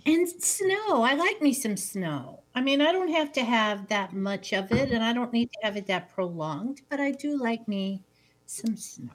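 Woman, higher pitch, very lively intonation, jokey casual talk. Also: a little slow. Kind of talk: casual chat.

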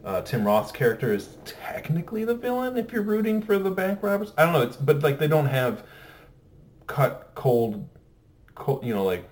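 A man's voice: on the high side, very animated, moderate pace, a little mellow. A man co-hosting a casual chat about films, rambling with many fillers and restarts. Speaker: podcast co-host.

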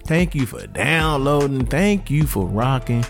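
Male reaction host, lively pitch swings, casual slangy delivery, faint music underneath. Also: unhurried, creaky. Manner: animated, slangy, talks straight to his audience.

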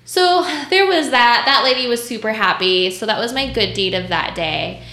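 A woman's voice: a little high, expressive, moderate pace, sharp tone, a little hiss or hum. A woman who works as a mobile dog groomer, telling stories in a blunt, profane, casual way and acting out other people's voices. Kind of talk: casual storytelling chat. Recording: roomy echo.

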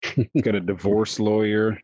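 A man's voice: on the low side, fairly even intonation, measured pace, dark tone, no room sound, highs cut off. A man hosting a podcast, making playful joking asides. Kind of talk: casual podcast chat.

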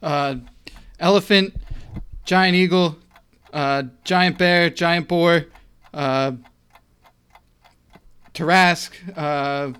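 A man taking his turn in a casual quiz, his voice smooth and a touch high. He talks slowly, pausing with fillers and teasing his friends. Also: fairly even intonation, fairly bright tone. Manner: joking, hesitant listing with fillers. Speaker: quiz contestant. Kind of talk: casual game chat.

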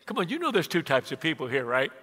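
A man in his sixties preaching with a high, bright, ringing voice. He tells stories like he is chatting, drops to near-whispers, then jumps up loud. The long reverb of a big hall trails after every line. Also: quick pace. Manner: animated, conversational preaching that swings from hushed to loud. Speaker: pastor. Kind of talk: sermon with storytelling.

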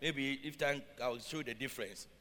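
A man's voice: mid-range voice, fairly quick, sharp tone, big-room sound. A man preaching a sermon, reading scripture aloud and then explaining it, often checking that his congregation follows.

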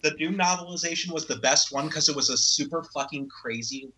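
A man's voice: a little high, a little fast, bright, forceful tone, slight background noise, rough recording. A man co-hosting a casual podcast, eagerly recommending things and teasing the others. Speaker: podcast co-host.

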